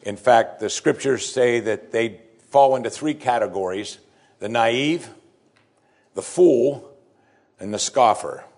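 A man's voice: medium pitch, slow pace, darkish tone. A man preaching a sermon as pastor, emphatic, repeating key phrases with strong stress.

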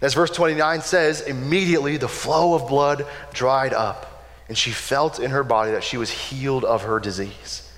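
A man preaching a sermon in a relaxed, conversational way, often checking in with "right?". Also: mid-range voice, normal speed. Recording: long hall reverb.

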